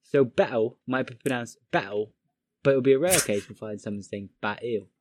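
A man casually reading a pronunciation guide aloud to friends, halting and restarting as he goes. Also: medium pitch, noisy background.

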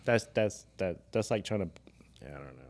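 A man in his forties with a deep voice co-hosts a casual podcast. He talks bluntly and swears freely. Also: animated, moderate pace, vocal fry, a little mellow. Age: 40s. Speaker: podcast co-host. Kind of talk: casual chat.

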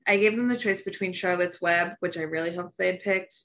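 Young woman co-host and teacher, bright forceful tone, playful chatter. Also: on the low side, fairly even intonation. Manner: playful, quick to jump in with bits. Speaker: podcast co-host. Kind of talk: casual chat.

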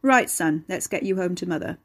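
A woman voicing a crude, menacing creature of a man with a gruff, mocking manner in a storybook reading. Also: lowish voice, expressive, fairly quick, fairly bright tone. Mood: gleeful.

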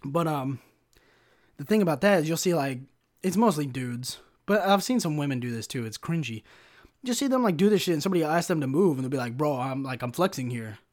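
Profane ranting young man, slightly high voice. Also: animated, fairly quick, a little mellow. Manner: profane, sarcastic, peppered with "bro" and "like". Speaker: podcast host. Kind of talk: solo podcast rant.

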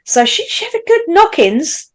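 Female co-host, storytelling, relaxed with restarts. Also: very high voice, moderate pace. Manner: recounts facts with many restarts. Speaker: podcast co-host. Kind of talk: casual chat.

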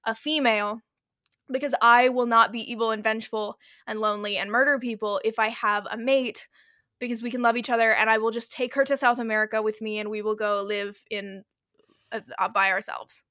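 A woman's voice: on the high side, steady tone, brisk, sharp tone, no echo, clean studio sound. A woman doing a lonely pleading male monster.

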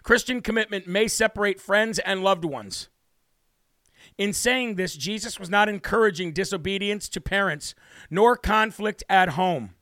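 Brash, bright-voiced male talk host. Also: high-pitched, unhurried, no room sound, studio quality. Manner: brash, emphatic, preachy. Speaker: political talk show host. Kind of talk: opinionated monologue with scripture reading.

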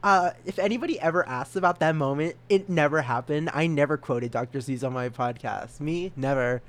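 A man's voice: fairly high pitch, fairly quick. A young man hosting a solo podcast, rambling and giggling at himself, with a stutter. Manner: rambling, giggly, self-mocking. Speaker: podcast host.

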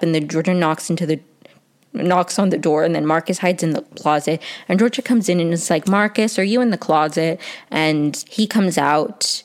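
Young woman, low voice, chatty TV recapper, lots of "like" and quick quoted asides. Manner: chatty, says "like" often, quick quoting asides. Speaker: TV recap reviewer. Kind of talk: casual episode recap.

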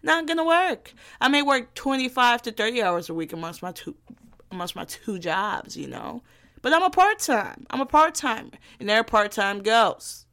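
A young woman from Gary, Indiana, hosting her own podcast in a brash, profane, teasing comedic monologue. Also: a little high. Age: young adult. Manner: brash, profane and animated, quick to tease. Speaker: podcast host.

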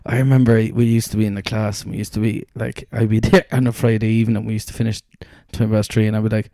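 Irish co-host, young guy, low voice, dry close sound, laughs through his own stories. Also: little pitch movement, fast talker, mellow, dry recording. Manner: laughing storyteller acting out quotes. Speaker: podcast co-host. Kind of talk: casual chat, storytelling.

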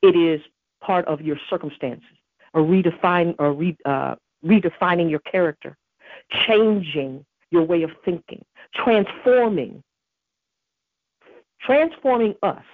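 A woman's voice: on the low side, unhurried, no room sound, phone-quality sound. A woman hosting a devotional podcast, preaching earnestly and emphatically and quoting scripture. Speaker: podcast host.

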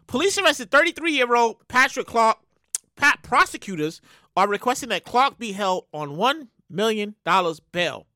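A high, bright-voiced woman speaking hosts a casual news talk show, her pitch swinging widely as she vents. She talks in a loud, animated way and repeats her phrases for effect. The sound is dry and close, with no room around her. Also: normal speed, no echo. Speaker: podcast host.

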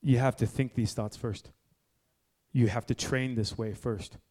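A man's voice: steady tone, a little slow. Blunt, fiery man preaching. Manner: blunt, swings between low intensity and loud exhortation. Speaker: preacher at a men's meeting. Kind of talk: fiery sermon. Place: indoor room with a gathered group.

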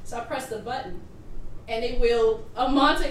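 A woman's voice: a little high, normal speed. A middle-aged woman, a mother, chatting as a guest on a podcast, telling stories bluntly and swearing freely. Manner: blunt, expressive storyteller who swears freely. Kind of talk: casual chat. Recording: echoey room, distant from the mic, noisy.

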